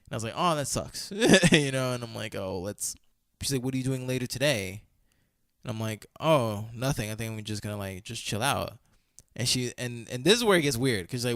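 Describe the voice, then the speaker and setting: A young man co-hosting a podcast in casual chat, telling a story with lively energy, acting out quoted lines, and laughing often. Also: medium pitch, fairly quick, no room sound, studio quality. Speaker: podcast co-host.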